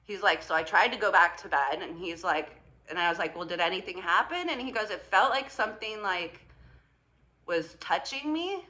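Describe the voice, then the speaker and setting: A woman's voice: on the low side, fairly quick, pushed and bright. A woman vlogger casually telling a story to her viewers, chatty and swearing, often quoting her partner and laughing. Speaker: spiritual vlogger.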